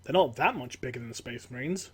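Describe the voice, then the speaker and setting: A man on a gaming podcast panel, quick and jokey, who swears freely. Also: medium pitch, expressive, fairly bright tone, husky. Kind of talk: casual podcast chat.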